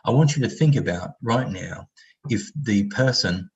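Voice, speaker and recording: Deep-voiced man leading a training session. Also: lively intonation, moderate pace, highs cut off. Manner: conversational, many fillers, acts out example voices. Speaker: workshop facilitator. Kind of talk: online training lecture.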